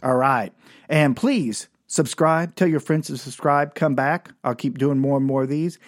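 A man's voice: a little slow, no echo, studio quality. A man telling a rambling, self-mocking comic story in a monologue. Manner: rambling, self-mocking, with animated swings in pitch. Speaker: comedian and storyteller.

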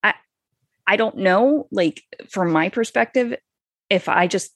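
A woman's voice: medium pitch, a little slow, fairly bright tone, no room sound. A woman who is a parent, chatting casually on a podcast in a rambling way, with lots of fillers. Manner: rambling, many fillers, acts out quotes.

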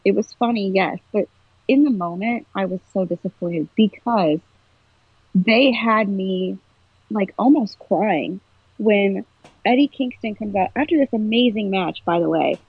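Husky woman on a tinny line. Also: medium pitch, unhurried, dry recording. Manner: emotional, animated storytelling. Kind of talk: casual chat.

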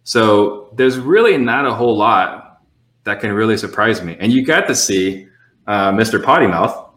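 Low, bright-voiced man in a roomy space. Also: lively intonation. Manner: measured, explains with quick acted-out phone dialogues. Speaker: real estate sales trainer. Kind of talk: casual podcast conversation.

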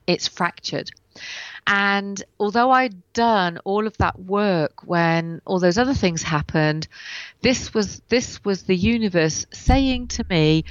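Woman guest, in pain, animated storyteller, dull dry lo-fi sound. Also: mid-range voice, no room sound. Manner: animated, acts out what she and others said. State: in pain while speaking. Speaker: guest, writer and coach. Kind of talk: personal storytelling in an interview. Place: at home.

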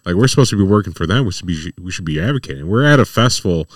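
A man's voice: low voice, rapid-fire, no echo, clean studio sound, distant mic. A man, a paramedic, telling work stories in casual talk and acting out what others said. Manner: animated, acts out other people's quotes. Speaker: paramedic guest. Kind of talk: casual storytelling in a podcast chat.

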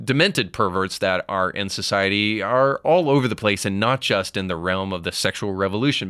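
Man, low voice, opinion podcast host, dry close mic. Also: a bit bright, clear, resonant tone, no echo. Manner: reads quotes aloud, then riffs. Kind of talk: opinion commentary.

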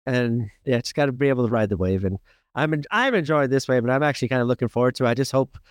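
A man's voice: medium pitch, animated, fast, clear, resonant tone, dry recording, clean studio sound. A man co-hosting a podcast in easygoing casual chat. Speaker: podcast co-host.

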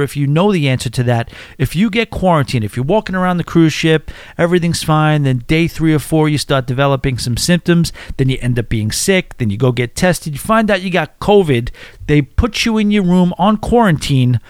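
A man's voice: fairly high pitch, smooth, dry recording, clean studio sound. A man hosting a casual podcast, rambling and chatty as he answers listener questions. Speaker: podcast host.

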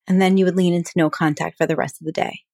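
Calm low-voiced woman coaching on boundaries. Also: fast talker, creaky, no room sound, studio quality. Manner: calm, explanatory, acts out example dialogue. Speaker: podcast host and relationship coach. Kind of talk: advice podcast monologue.

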